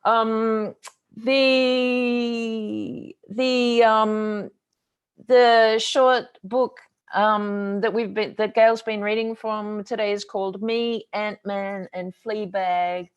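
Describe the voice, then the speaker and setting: Woman host with halting fillers. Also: fairly high pitch, flat delivery, clear, resonant tone. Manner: hesitant, many fillers. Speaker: host of an online arts talk. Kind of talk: casual live-stream hosting.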